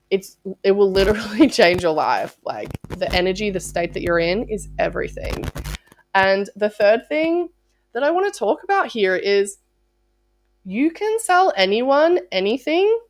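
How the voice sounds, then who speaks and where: A woman talking casually as a sales coach, bubbly and chatty, with lots of "like" fillers. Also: mid-range voice. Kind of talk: casual motivational talk.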